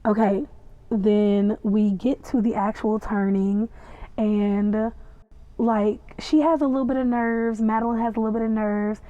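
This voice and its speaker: Woman podcast host, chatty gushing recapper, slow delivery, dry close sound. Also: on the high side, fairly even intonation, mellow, dry recording. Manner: gushing, chatty, playful asides. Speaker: podcast host reviewing a TV episode. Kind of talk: casual recap and reaction. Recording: tinny phone-like sound, dry.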